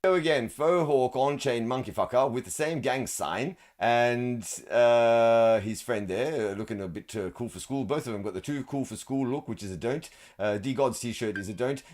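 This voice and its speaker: A man's voice: mid-range voice, moderate pace, few pauses, darkish tone. A man giving crude, sarcastic comedic commentary as a show host, swearing heavily and handing out mock advice. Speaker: show host roasting event photos.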